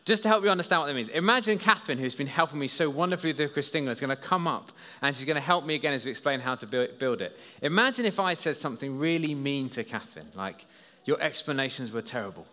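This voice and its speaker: A man preaching a lively story sermon to a congregation, addressing them directly and drawing them into the scene. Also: a little high, quick pace, hardly any pauses. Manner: lively, storytelling, talks to listeners as "you". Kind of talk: children's talk sermon. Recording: long hall reverb.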